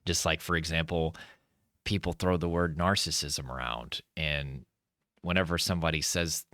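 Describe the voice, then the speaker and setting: A man with an extremely low, deep voice talks to the camera as an anxiety coach, earnest and explanatory, checking in with his listeners and slowing down on the words that matter. The sound is dry and close, with almost no room around it. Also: steady tone, bright, forceful tone, no room sound. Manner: earnest, explains with frequent "right?" and "okay?" check-ins. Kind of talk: direct-to-camera teaching talk.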